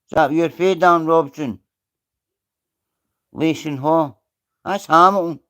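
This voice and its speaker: A man's voice: fairly high pitch, takes it slowly, a bit bright, clean tone. A man with a Scottish accent hosting a casual live stream, rambling, swearing freely and greeting viewers by name. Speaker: livestream host.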